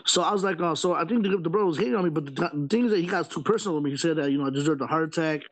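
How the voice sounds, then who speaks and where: A man's voice: fairly high pitch, racing, poor audio. A man hosting a live stream panel, venting at length in casual chat and filling his talk with "you know" and "bro".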